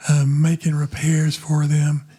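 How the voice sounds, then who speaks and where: A man from Texas, a pastor co-hosting a podcast, talking casually and haltingly with frequent ums. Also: fairly high pitch, monotone, warm tone, slightly rough. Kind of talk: casual conversation.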